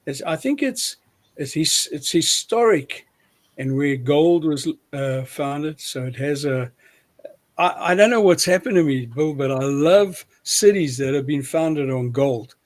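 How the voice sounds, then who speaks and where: Casual South African man, slightly high voice, chatty and self-deprecating as a preaching guest. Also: expressive, a little slow. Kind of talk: casual interview chat.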